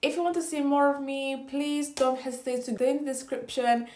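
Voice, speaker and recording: A woman's voice: high-pitched, steady tone, a little fast, a little mellow, reverberant. A woman vlogging casual beauty product reviews in a gushing way, repeating her words for emphasis.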